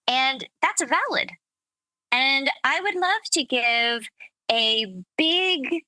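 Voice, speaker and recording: An American woman, a speech coach, explaining her work in a measured, patient interview manner. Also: high voice, expressive, bright, forceful tone, no echo, rough recording. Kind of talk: interview conversation.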